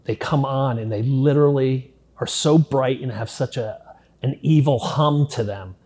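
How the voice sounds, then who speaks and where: A man's voice: mid-range voice, a little slow, a little hiss or hum. A middle-aged man gives an interview about his own past. He talks plainly and bluntly, with casual swearing, and his voice sinks nearly to a murmur when the memories turn grim. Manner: candid, drops to near-quiet at grim moments, swears casually. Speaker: interview guest. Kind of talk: telling his life story in an interview.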